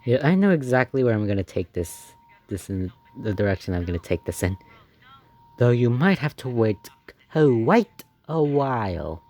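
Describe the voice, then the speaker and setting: Excitable man with a lively, lowish voice. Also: brisk. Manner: excitable and rambling, with many fillers, laughs and gasps. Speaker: animator reacting to his own old episode. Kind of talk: casual reaction commentary.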